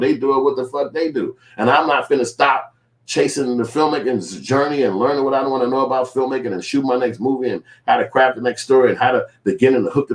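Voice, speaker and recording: A man filmmaker in a casual commentary vlog, rambling and profane, acting out little quoted scenes. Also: medium pitch. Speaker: filmmaker and vlogger.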